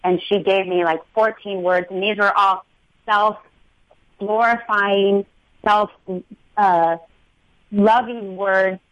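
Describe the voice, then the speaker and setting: A woman's voice: medium pitch, fairly even intonation, takes it slowly, pauses often, fairly bright tone, no room sound, muffled recording. A woman guest on a talk show speaks earnestly and in an uplifting tone about spirituality, with some fillers.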